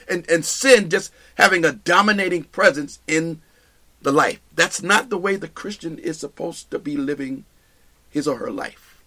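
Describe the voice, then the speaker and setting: A man's voice: high voice, bright, forceful tone. A man teaching a live Bible study, emphatic and repetitive, often restarting his phrases and checking in with listeners. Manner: addresses listeners directly with "okay?".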